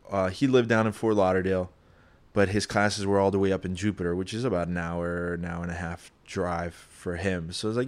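A young man telling a personal story in a casual, rambling, profane way, getting animated as he retells it. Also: low voice, fairly quick.

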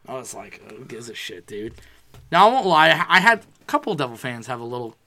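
A man in his twenties telling a sports story in casual chat, animated and profane, often quoting himself. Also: medium pitch, a little fast.

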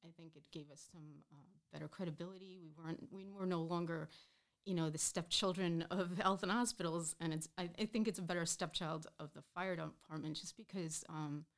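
Animated New woman telling stories. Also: on the low side, brisk. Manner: animated, laughing storyteller who acts out quotes. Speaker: veteran EMS worker, podcast guest. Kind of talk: casual storytelling.

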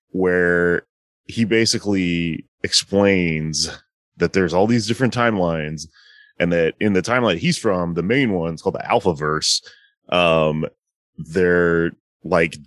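Low-voiced man casually rambling about a movie. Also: fairly bright tone, dry recording, studio quality. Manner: rambling, filler-heavy retelling with acted-out quotes. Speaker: friend recapping a movie. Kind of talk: casual chat.

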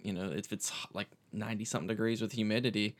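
A young man, a drummer, chatting in a relaxed, easygoing way. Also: lowish voice, fast talker. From Pensacola, Florida. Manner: laid-back, easygoing, laughs often. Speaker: guest drummer. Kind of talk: casual podcast chat.

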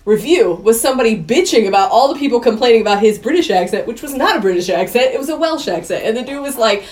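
Woman co-host, fairly high and very lively voice, chatty storyteller. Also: fast. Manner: storytelling, quotes others with animated voice. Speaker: podcast co-host. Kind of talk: casual chat.

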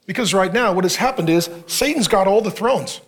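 High-voiced pastor preaching with sarcastic humor. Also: male voice, expressive, brisk. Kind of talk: sermon.

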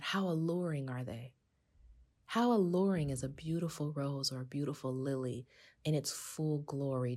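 A woman hosting a podcast, talking casually and with animation to her listeners. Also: low voice. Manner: animated, conversational, addresses listeners as sis. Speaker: podcast host.

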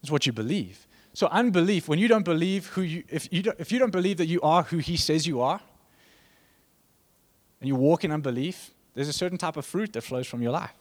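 A man's voice: on the high side, lively intonation, fairly quick. Man preaching a loose, rambling sermon. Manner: conversational, rambling with restarts and asides.

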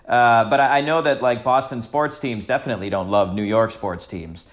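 Man, podcast co-host, relaxed storytelling, many fillers, casual, mid pitch. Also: normal speed. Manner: laid-back storytelling with frequent fillers. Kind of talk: casual chat.

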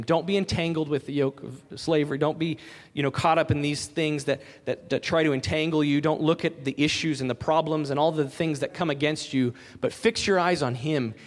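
A man's voice: on the high side, fairly even intonation, a little fast, few pauses, long reverb tail. A man in his thirties preaching a sermon, earnest and emphatic, repeating his key phrases. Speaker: pastor.

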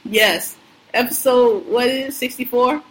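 A woman's voice: on the high side, unhurried, a bit bright, rough recording. Blunt, profane woman podcast co-host. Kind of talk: casual podcast chat.

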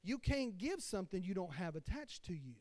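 Preaching with fervor, a high-pitched male pastor sounds very animated and brisk, his tone somewhat dark. He calls out questions to the congregation for call-and-response, captured in a dry recording.

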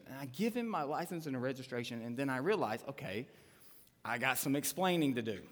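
A man's voice: medium pitch, brisk. A man in his thirties, a pastor telling a story in a live sermon and acting out the voices of the people in it. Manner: animated, acts out quoted lines. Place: church auditorium. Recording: long reverb of a live church hall.

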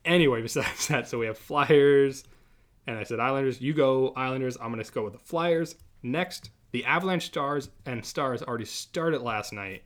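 A man's voice: mid-range voice, normal speed. Chatty male sports podcast host. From Massachusetts. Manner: chatty, laughs often while telling stories. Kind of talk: casual chat.

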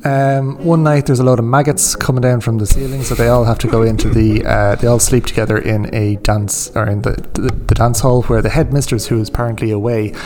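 A man's voice: medium pitch, fairly even intonation, a little fast, few pauses. A man co-hosting a casual podcast, matter-of-fact as he sums up a film's plot. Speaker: podcast co-host.

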